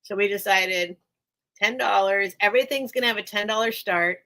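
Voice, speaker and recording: A woman hosts a relaxed live-stream sale, talking in loose, rambling chat and laughing often. Her voice is bright and clear, and she sounds a little worn from being unwell. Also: mid-range voice, normal speed, poor audio. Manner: chatty and rambling, laughs often, repeats herself. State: unwell, recovering from illness. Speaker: online seller hosting a live sale.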